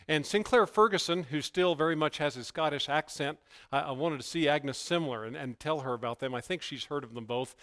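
Pastor preaching, fairly high voice. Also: male voice. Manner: animated storytelling, rising to loud emphatic bursts; hushed, low prayerful delivery. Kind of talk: sermon with opening prayer.

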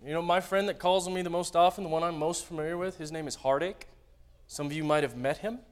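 A man preaching a sermon, swinging between loud dramatic readings and quiet joking asides to the congregation. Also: on the high side, fairly even intonation, fast.

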